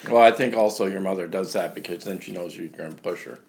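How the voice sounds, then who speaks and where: A man's voice: deep voice, quick pace, vocal fry, a little mellow. A man co-hosting a podcast, chiming in with short comments during a casual chat. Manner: brief interjections and comments. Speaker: podcast co-host.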